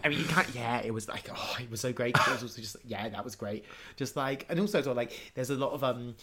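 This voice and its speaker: A man's voice: mid-range voice, quick pace, pushed and bright. A man from Norfolk in casual, rambling chat, laughing often. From Norfolk, England.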